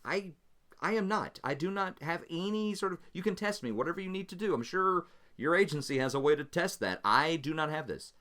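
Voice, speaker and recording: A man's voice: a little high, expressive, brisk, fairly bright tone. A man voicing a nervous accused man who stammers as he pleads his innocence in a solo tabletop game. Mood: nervous, pleading.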